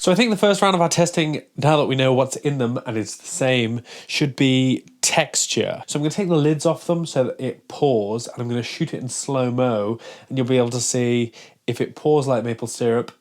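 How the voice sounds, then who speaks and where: A man's voice: medium pitch, normal speed. A young man talking casually to camera in a vlog, ranting with mock outrage. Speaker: fitness vlogger.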